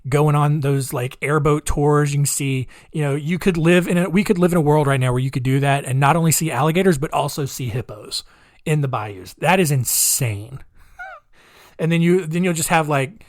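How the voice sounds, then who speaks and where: A man's voice: on the high side, brisk, no echo, clean studio sound. A man hosting a podcast, telling history stories in a chatty, rambling way with sarcastic asides. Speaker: podcast host. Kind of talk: casual comedic monologue.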